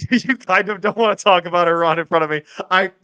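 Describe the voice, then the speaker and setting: A man's voice: sits high, a little fast, pushed and bright, smooth, dull audio. A young man from the United States hosting a livestream, rambling casually, swearing and bantering with his chat. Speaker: streamer host.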